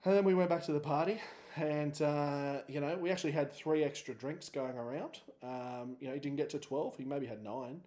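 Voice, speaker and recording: Hosting his own podcast, an Australian man in his thirties rambles through a story, joking and relaxed. He speaks at a moderate pace in a mellow voice that runs a little high.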